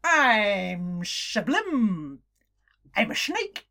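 Shablim, a slow, hissing snake, as a woman puts him on. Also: sing-song, pushed and bright, heavily acted. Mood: pleading. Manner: slow, drawn-out, low hissing. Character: friendly red and gold male snake. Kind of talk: storybook character voice.

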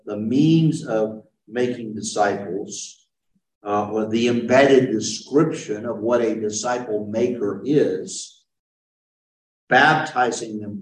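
A man who is a pastor, leading a conversational Bible study with a group and answering their questions as he explains. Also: mid-range voice. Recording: roomy, mic far from speaker.

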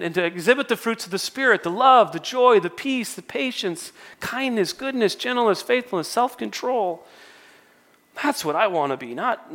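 A man's voice: high-pitched, fairly bright tone. A male worship pastor preaching to a church congregation in a conversational, storytelling way with self-deprecating humor. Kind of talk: sermon.

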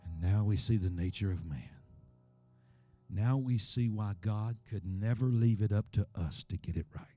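A male preacher delivering a sermon, swinging between loud, high exclamations and hushed, low passages, and often putting rhetorical questions to the congregation. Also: moderate pace, faint music behind.

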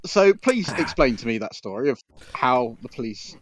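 A man's voice: mid-range voice, very animated, moderate pace, a little hiss or hum. A man, a podcast guest, teasing and asking questions in casual chat.

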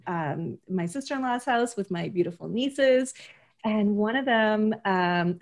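Chatty woman podcast host. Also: mid-range voice. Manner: chatty, self-deprecating, many fillers and restarts. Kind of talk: casual interview chat.

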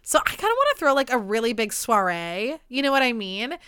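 Late-twenties woman hosting her own podcast: sharp, smooth voice, loose and profane, throat worn by allergies. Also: fairly high pitch, sing-song, fairly quick, no echo, studio quality. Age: late 20s. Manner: candid, rambling, swears freely. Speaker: podcast host. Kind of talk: casual solo podcast chat.

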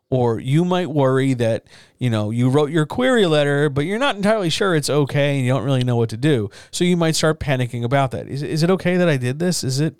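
A man's voice: mid-range voice, a little mellow, no echo, clean studio sound. A man talking casually as a writing coach, frank and reassuring, swearing now and then as he gives advice.

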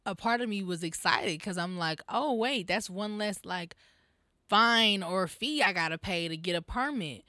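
A young woman co-hosting a podcast in casual chat, animated and quick to laugh, often mimicking people she quotes. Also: medium pitch, no room sound, clean studio sound. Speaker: podcast co-host.

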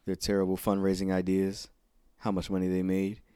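A man with a low, mellow voice co-hosts a casual podcast, talking through wrestling episodes. He retells scenes by playing out the lines in quick voices, and the sound is close and dry. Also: monotone, clean tone, no echo. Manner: recaps scenes by acting out quoted lines. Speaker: podcast co-host. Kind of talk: casual wrestling recap chat.

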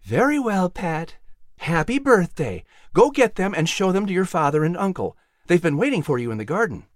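An audiobook narrator voicing a kind, knowing colonial mother who speaks gently and indulgently. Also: mid-range voice, very animated, normal speed, no echo, studio quality, voice pushed up, close to an everyday voice. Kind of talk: audiobook character voice.

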